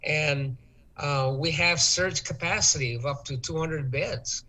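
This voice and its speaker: A man answering interview questions in a measured, hesitant way, with many ums and uhs. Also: on the high side, bright, forceful tone, rough recording. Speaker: interview guest, tourism official. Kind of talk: talk-show interview.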